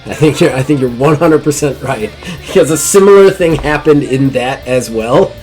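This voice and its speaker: A man's voice: mid-range voice, lively intonation, normal speed, a little mellow, faint music behind. A man narrating a live-play tabletop game as game master, chatty and apologetic, laughing often.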